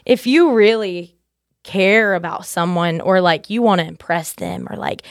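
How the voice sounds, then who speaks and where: Female podcast guest, slightly low pitch, casual and chatty, dry close mic. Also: a little slow, dry recording. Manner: chatty, many "like" fillers. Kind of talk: casual chat.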